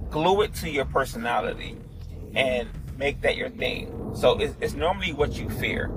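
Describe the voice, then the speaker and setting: A man's voice: mid-range voice, a bit bright, slight background noise, rough recording. A man hosting a solo podcast, talking in a rambling, profane way that often restarts itself. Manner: rambling, profane, self-interrupting. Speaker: podcast host. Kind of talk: casual solo podcast monologue.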